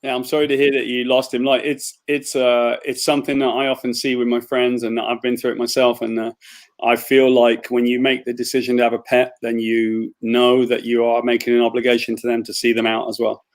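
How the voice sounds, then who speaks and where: A British man hosts a casual video chat. He talks in a chatty, jokey way and drifts into loose asides, in a voice of middling pitch. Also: little pitch movement, fairly quick. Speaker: host.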